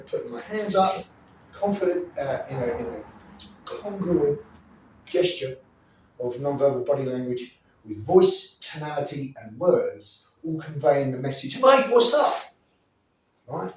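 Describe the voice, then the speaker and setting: This self-defense demonstration features a man with a mid-range, somewhat mellow voice, teaching bluntly and profanely while repeatedly checking in with whoever is listening. The mic is well away from him in an echoey room, picking up faint ambience and a bit of hiss or hum.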